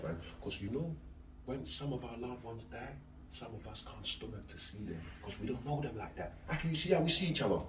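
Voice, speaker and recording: A man with a medium-pitched, slightly mellow voice recounts the death of a friend in an emotional street talk, with slight background noise. He pleads intensely and repeatedly with listeners he addresses as Aki, and the outdoor audio is echoey and distant with faint ambience.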